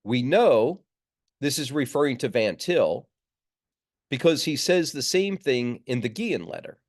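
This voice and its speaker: A man teaches a seminary class over a video call. He talks through his points in a measured way, often pausing with fillers and restarting phrases. His voice comes through a computer microphone. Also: mid-range voice, big pitch swings. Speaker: seminary lecturer. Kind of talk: online lecture. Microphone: computer mic on a video call.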